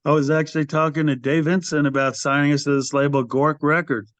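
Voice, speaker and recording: Speaking briskly in a high-side voice, this older metal band singer is a guest on a casual interview. He rambles through lively stories and acts out what others said, captured in muffled, dry podcast audio.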